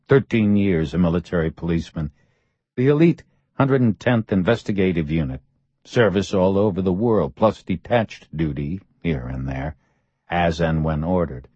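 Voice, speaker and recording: A man reading a first-person audiobook in a measured, matter-of-fact way. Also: sits low, darkish tone, breathy edge, no echo, highs cut off. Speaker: audiobook narrator.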